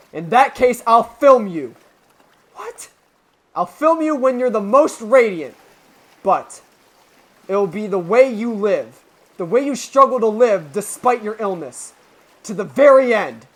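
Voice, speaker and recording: A performer voicing a hot-headed, defiant young male film director in a game dub, talking loud and forceful. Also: mid-range voice, lively intonation, slow pace, few pauses. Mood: pleading. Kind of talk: dramatic video game voice-over reading.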